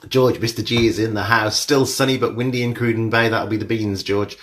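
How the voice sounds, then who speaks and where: A man leading a live-streamed movement class from his home, greeting viewers by name with jokes before calmly cueing posture and exercises. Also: fairly low pitch, a little fast, few pauses, echoey room, recorded from a distance. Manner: chatty, jokey greetings to viewers, then steady cueing. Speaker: fitness instructor. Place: home room.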